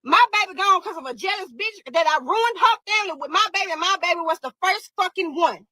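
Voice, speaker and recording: A woman's voice: very high-pitched, lively intonation, fast, pushed and bright, no room sound, poor audio. A young woman speaking out as a grieving mother, raw, angry and exhausted, swearing and repeating herself. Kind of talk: emotional monologue to camera.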